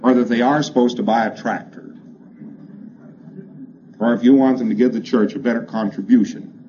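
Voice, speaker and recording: A man giving a plainspoken, emphatic lecture to a congress, repeating phrases that trail off quieter each time. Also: medium pitch, fairly even intonation, moderate pace. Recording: dull, hissy old lecture recording.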